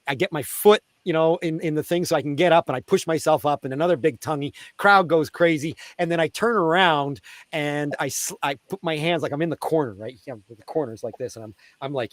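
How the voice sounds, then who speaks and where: A man from Canada tells raucous stories from his years as a street performer, jumping into loud put-on voices for hecklers. His voice sits a touch high, and the recording is close and dry. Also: no echo. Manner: animated, shouting out the voices of crowd members. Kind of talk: storytelling in a casual interview.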